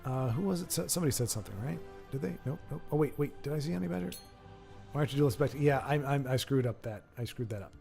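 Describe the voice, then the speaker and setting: A man's voice: medium pitch, fast talker, vocal fry, warm tone, soft background music. A man giving casual, self-deprecating live-stream commentary on a card game match. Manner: rambling, self-deprecating, joking. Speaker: streamer and caster.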